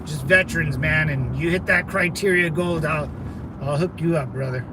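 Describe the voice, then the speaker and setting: Brief: laid-back male streamer, high voice, rambling anecdotes, noisy street behind him. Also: normal speed. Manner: laid-back, rambling, calls listeners brother. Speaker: livestream host. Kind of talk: casual storytelling to chat.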